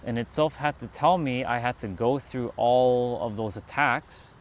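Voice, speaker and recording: Casting: a man streaming outdoors, casual and profane spiritual storyteller, mid-pitched voice. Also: a little slow. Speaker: livestream host. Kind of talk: spiritual talk to a live chat. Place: outdoors, sitting on a rock.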